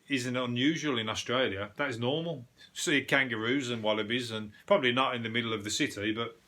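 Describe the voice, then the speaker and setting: English bloke doing a sweary deadpan podcast rant, bright voice, keeps losing his words. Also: medium pitch. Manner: deadpan, swearing, rambling with restarts. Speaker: comedy podcast host. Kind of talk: solo topical comedy rant.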